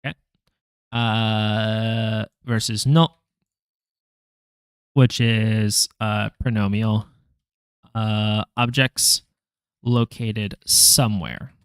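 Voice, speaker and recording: Man studying aloud, halting and wry. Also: on the low side, fairly even intonation, clean tone, no echo, clean studio sound. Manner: halting, self-correcting, wry asides. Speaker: language learner vlogger. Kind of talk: thinking-aloud study session.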